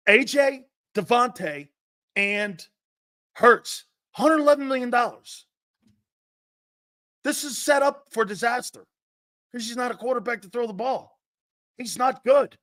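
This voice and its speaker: A man with a high, piercing voice hosts a sports talk stream. He rants in a combative, sarcastic way, swears bluntly and hammers his points home by repeating them. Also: slow, long pauses, fairly bright tone, no echo, studio quality. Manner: combative, sarcastic, reads and answers chat comments. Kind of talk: livestream sports rant.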